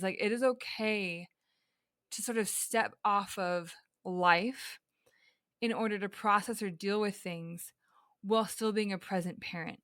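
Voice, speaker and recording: A woman's voice: medium pitch, fairly even intonation, a little slow, a bit bright, no echo, studio quality. A young woman talking earnestly and reflectively in a casual podcast conversation, with frequent fillers and restarts.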